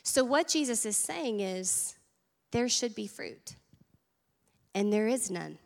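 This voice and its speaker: Slow, gravelly-voiced woman preaching. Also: a little high, animated, long reverb tail. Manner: earnest, conversational with asides to the congregation. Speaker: teaching pastor. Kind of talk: sermon. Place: church.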